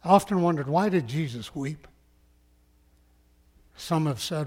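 A man preaching a sermon as a pastor, slow and emphatic, sometimes dropping to a hush. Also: on the high side. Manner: slow, emphatic preaching that drops to hushed tones. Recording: long echoing hall.

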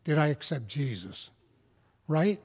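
A man preaching a sermon in a folksy, conversational way that rises into fervent, loud passages. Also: fairly high pitch, big pitch swings, measured pace, breathy edge, big-room sound.

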